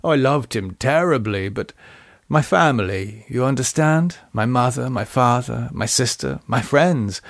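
Play a nostalgic German woman singer in a storybook, recalling her past with quiet longing, as a man reads her lines, with a slightly gravelly texture in a dry, close sound. Let her German accent colour each phrase. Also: medium pitch, lively intonation, measured pace, dry recording. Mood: wistful. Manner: wistful, reminiscing storyteller. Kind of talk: audiobook character voice.

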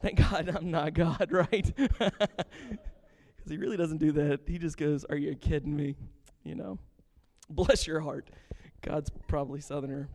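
A pastor preaching a sermon with passion and jokes, animated and lively in his delivery. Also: a little high, measured pace, creaky, pauses often. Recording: long reverb of a hall.

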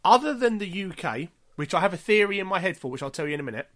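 A man's voice: high voice, big pitch swings, rapid-fire, a bit bright. A man co-hosting a podcast, chatting playfully and spinning silly ideas with a laugh. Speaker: podcast co-host. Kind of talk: casual podcast chat.

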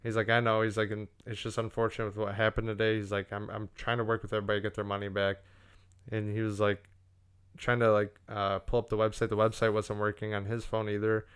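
A man's voice: fairly low pitch, flat delivery, fast, a bit bright, clear, resonant tone. A young man casually telling a profane story on a podcast, acting out what everyone said.

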